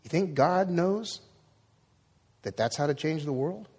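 A man preaching a sermon, reading scripture and then telling a lively personal story, his voice climbing high as he gets excited. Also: unhurried, slightly rough. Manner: animated storytelling, rising high when excited. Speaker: pastor. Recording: long hall reverb.

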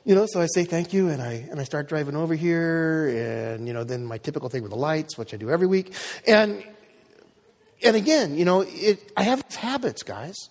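A man preaching a sermon, reading scripture and then telling a lively personal story, his voice climbing high as he gets excited. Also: moderate pace. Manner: animated storytelling, rising high when excited. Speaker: pastor. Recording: long hall reverb.

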